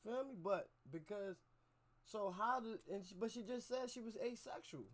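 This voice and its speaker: A man's voice: high voice, animated, normal speed. A man reacting to a clip for his chat, skeptical and slangy, repeating himself to make his point. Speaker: reaction streamer. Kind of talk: reaction commentary.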